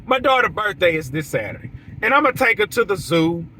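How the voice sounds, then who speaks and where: A man's voice: high voice, sing-song, fast talker, pushed and bright, a little hiss or hum. A young man who runs a lawn care business, talking straight to his viewers in a blunt, preachy, repetitive way. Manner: preachy, repetitive, blunt, acts out quoted lines. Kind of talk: casual monologue to the audience.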